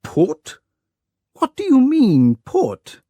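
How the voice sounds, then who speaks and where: A man's voice: extremely high pitch, huge pitch swings, very slow, warm tone, no room sound, pitched above the performer's own voice, exaggerated voice. A man doing a flustered old English lord. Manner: spluttering, indignant questions. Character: flustered elderly English lord, easily upset. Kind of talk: audiobook character voice.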